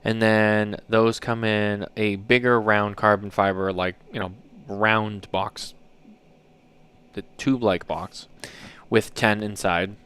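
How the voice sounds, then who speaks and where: A man's voice: lowish voice, steady tone, takes it slowly, fairly bright tone, clear, resonant tone. A man in his thirties co-hosting a podcast, telling stories in a loose, rambling way with lots of fillers. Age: 30s. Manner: rambling storyteller, many fillers. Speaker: podcast co-host. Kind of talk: casual chat.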